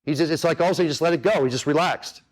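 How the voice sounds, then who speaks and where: A man with a higher voice races through a golf coaching webinar in a casual, earnest manner. He repeats himself, makes many asides, and keeps addressing listeners directly to be sure they follow.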